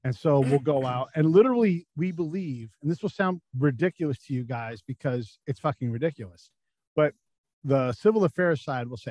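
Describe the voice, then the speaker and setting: Lively intonation and a fairly quick pace mark this middle-aged man's mid-range, darkish voice. As an interview guest and former military intelligence officer, he tells war stories with profane candor and voices the people he quotes. The recording is dry and low-quality.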